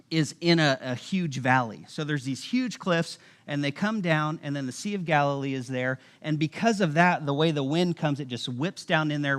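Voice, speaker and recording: Animated high-voiced man preaching. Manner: casual, animated storytelling with voiced asides. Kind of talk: sermon. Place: church.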